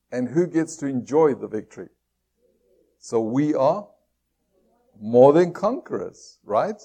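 A pastor delivers a sermon in a slow, unhurried way, his voice gravelly and a little husky. His tone is dark and mellow rather than bright. He keeps asking his listeners questions and slows right down on key phrases. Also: medium pitch. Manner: asks the congregation many rhetorical questions; reads scripture aloud.

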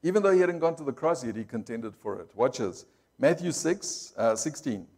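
A man's voice: mid-range voice, animated, moderate pace, a little mellow. A man, a pastor, preaching a sermon and telling a personal story, acting out other people's words and calling out to his congregation. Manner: storytelling, acting out quoted voices, audience call-outs.

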